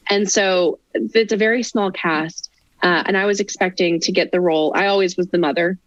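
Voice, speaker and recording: Woman guest, lively storyteller, laughs often; dry, slightly dull remote audio. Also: lowish voice, moderate pace, no echo. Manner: animated, chatty, frequent laughter. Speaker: guest performer. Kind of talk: casual interview storytelling.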